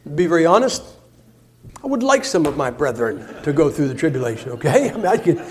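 Male guest preacher, high-pitched, folksy and jokey, swings from loud emphasis to quiet asides. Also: sing-song, quick pace. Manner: folksy, joking storyteller with many restarts; shifts between loud emphasis and soft, low asides. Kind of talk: sermon.

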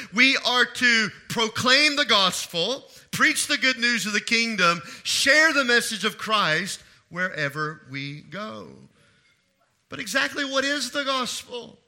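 In a very high, bright and forceful voice, a middle-aged pastor preaches a sermon. He keeps asking the congregation questions and pausing for answers, and he repeats key phrases for emphasis.

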